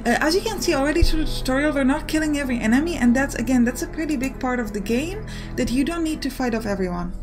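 Quick-talking young woman explaining a game. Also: high voice, animated. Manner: quick, explanatory, filler-heavy talk. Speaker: let's play host. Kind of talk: gameplay commentary. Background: faint game music.

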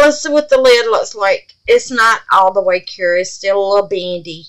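A woman chatting through a crafting vlog, gushing and excitable, calling her viewers babies and y'all, dropping from squeals to hushed murmurs. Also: mid-range voice, slow pace, pauses often, rough recording. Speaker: resin crafter, channel host.

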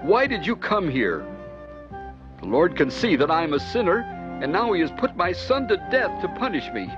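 A man's voice: a little high, animated, moderate pace, pitched above the performer's own voice. A man voicing a pleading, heightened widow. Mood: scolding. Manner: raised, pleading, reproachful. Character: distraught poor widow mother. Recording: dull lo-fi with music behind.

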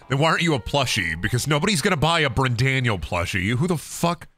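A man's voice: mid-range voice, sing-song, a little fast, few pauses, fairly bright tone, soft background music. A young man giving goofy, joking commentary on a game stream, swearing and laughing often.

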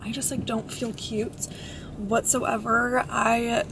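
A young woman talks casually to a phone camera while driving, with a slightly raised pitch. She is chatty, fills her speech with "like" and laughs at herself. Clear road noise from the moving car sits under her voice. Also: moderate pace. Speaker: vlogger. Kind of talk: casual vlog chat.

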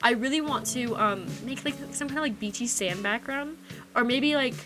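A woman's voice: on the high side, normal speed. A young woman streaming a game, chatting casually with viewers in a rambling, giggly way that keeps breaking off mid-thought. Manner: rambling, giggly, self-interrupting. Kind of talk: casual live-stream chat. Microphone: desk microphone. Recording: game music playing behind. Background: game music.

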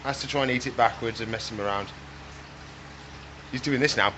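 A man's voice: medium pitch, a little fast, pushed and bright, slight background noise. Chatty man coaxing reptiles at feeding. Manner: coaxing and scolding the animals in a chatty, playful way. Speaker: reptile keeper feeding his animals. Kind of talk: casual vlog narration while working.

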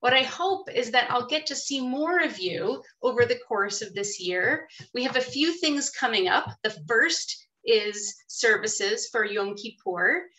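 Female community leader, bright and slightly high, reading announcements from a distance in an echoey room. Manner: heartfelt and inclusive. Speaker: congregation leader. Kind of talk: warm welcome and announcements. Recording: echoey room, away from the mic.

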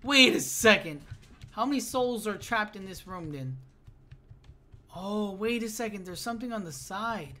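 A young man giving casual let's-play commentary on a horror game, excitable and jumpy, calling everyone "bro" and yelling when startled. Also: high voice, unhurried, soft background music. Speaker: gaming YouTuber.

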